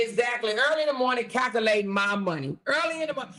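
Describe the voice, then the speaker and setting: A woman's voice: medium pitch, expressive, fast talker, hardly any pauses, fairly bright tone. A woman hosting her own channel, talking in a casual rant that is blunt, profane and mocking and repeats phrases for emphasis. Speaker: channel host.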